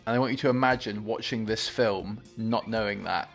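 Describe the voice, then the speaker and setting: A man hosting a movie reaction, talking about the film with excited, gushing enthusiasm. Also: on the low side, moderate pace, gravelly, soft background music.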